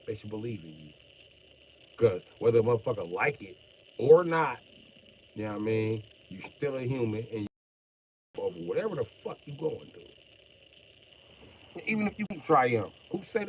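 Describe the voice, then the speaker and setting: A middle-aged man ranting bluntly and profanely on a live stream, jumping from mutters to sudden shouts while joking around. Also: medium pitch, a little hiss or hum, rough recording. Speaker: livestreamer.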